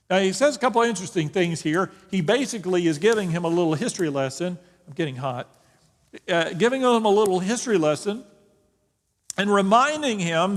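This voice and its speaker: A man's voice: high voice, expressive, a little fast. A man, a pastor, teaching a Bible study in a casual, joking way, often restarting his sentences. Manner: conversational, joking, with frequent restarts. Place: church sanctuary. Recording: long reverb in a church hall.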